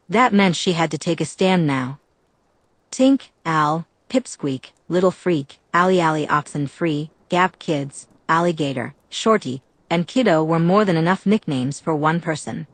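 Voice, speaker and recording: A woman narrating a fan-fiction audiobook in a steady, even reading. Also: low voice, no room sound.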